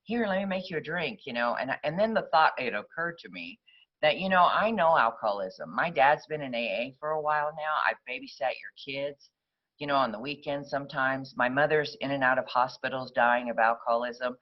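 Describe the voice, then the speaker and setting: A woman's voice: rumbling low, fairly quick, highs cut off. A woman speaking at a recovery meeting, telling her personal story in a rambling, conversational way full of fillers.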